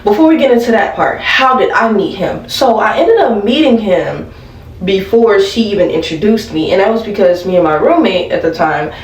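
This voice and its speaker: A woman's voice: mid-range voice, expressive, moderate pace, recorded from a distance, slight background noise. Chatty young woman, roomy sound. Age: young adult. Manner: chatty, laughing asides, addresses viewers as y'all. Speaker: vlogger. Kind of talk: casual storytime chat while doing makeup.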